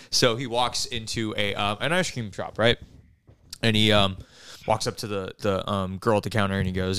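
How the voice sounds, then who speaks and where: A man's voice: fairly low pitch, unhurried, fairly bright tone, clean tone. A young man co-hosting a podcast, telling jokes in rambling, swearing casual chat. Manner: rambling, swearing, laughing storyteller. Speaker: podcast co-host.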